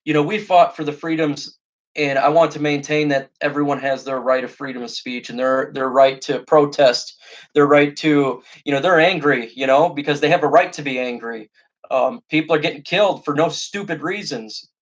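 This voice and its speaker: A man's voice: on the high side, steady tone, normal speed, dull audio. A man, a veteran, hosting a fan show, talking in an earnest, rambling and emphatic way. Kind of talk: casual monologue.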